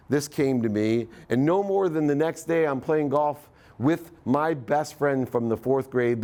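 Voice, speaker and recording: A man's voice: mid-range voice, a little mellow. A middle-aged man giving a live motivational talk, storytelling and acting out the voices in his story. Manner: storytelling, acts out quoted dialogue. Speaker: motivational speaker.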